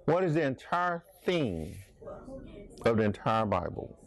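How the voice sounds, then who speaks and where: An animated leader runs a church Bible class with a voice that rises and falls widely. The speaker throws questions to the group, adds jokey asides and keeps the talk moving. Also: medium pitch, measured pace. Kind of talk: interactive Bible class teaching.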